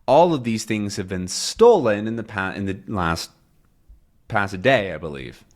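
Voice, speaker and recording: A man's voice: on the low side, expressive, a little slow. A man teaching English to learners by reading a comic aloud, chatty and explaining as he goes. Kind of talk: comprehensible-input lesson, reading a comic aloud.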